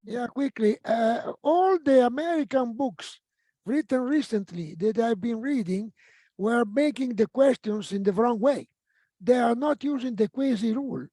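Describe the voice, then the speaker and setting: A man's voice: very high-pitched, unhurried, dark tone, no room sound. A man on an online panel who makes his points in an insistent, stammering way.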